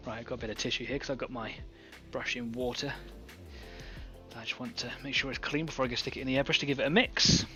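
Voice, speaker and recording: Man, live-stream painting host, chatty, thinks aloud with fillers, mid-pitched, soft music underneath. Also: steady tone, fast. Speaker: online painting club host.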